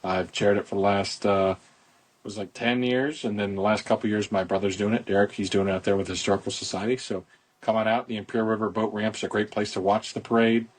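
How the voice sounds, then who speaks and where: A man's voice: fairly low pitch, little pitch movement, fast talker, husky. A middle-aged man hosting a casual podcast, talking outdoors into a phone in a rambling, folksy promotional way. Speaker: podcast host, boat club owner.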